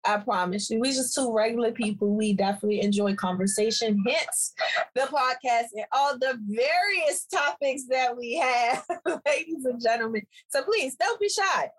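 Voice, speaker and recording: A woman co-hosting a podcast, chatting casually and playfully, laughing often and drawing some words out slowly. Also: on the high side, lively intonation, breathy edge, low-quality recording. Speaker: podcast co-host. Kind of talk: casual chat.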